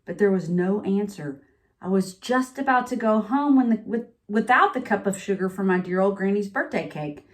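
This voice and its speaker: A woman's voice: medium pitch, animated, normal speed, lightly acted. A woman reading a picture book aloud as a sniffly, self-pitying male wolf who tells his side of the story in a confiding voice.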